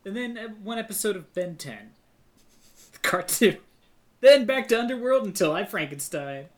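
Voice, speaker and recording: A podcast co-host in casual chat, rambling and jokey, swinging between loud outbursts and mumbled asides. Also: medium pitch, lively intonation, moderate pace.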